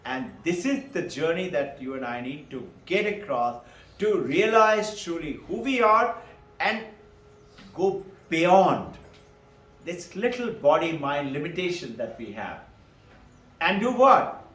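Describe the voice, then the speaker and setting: High-pitched man lecturing, animated. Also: slow, roomy sound. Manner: asks rhetorical questions and answers them himself; animated, chuckles often. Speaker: spiritual teacher. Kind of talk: lecture on Vedanta.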